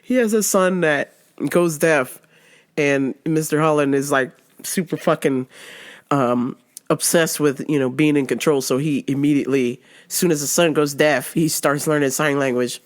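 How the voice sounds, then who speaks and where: A woman's voice: low voice, normal speed. A woman hosting a podcast, telling a funny story in casual chat, laughing constantly and swearing freely. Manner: laughs constantly, profane, animated. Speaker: podcast host.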